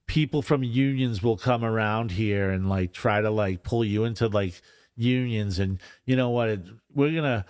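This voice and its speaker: Swearing freely and restarting his sentences often, a male podcast guest chats in a rambling way about union work. His voice is lowish and darkish yet clean, at a moderate pace, in a dry recording of studio quality.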